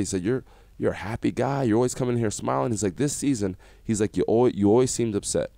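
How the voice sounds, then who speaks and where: A man, a former basketball coach, guest on a radio interview, telling animated stories and acting out what people said to him. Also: lowish voice, quick pace, creaky, no echo. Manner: animated storyteller acting out quotes. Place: radio studio.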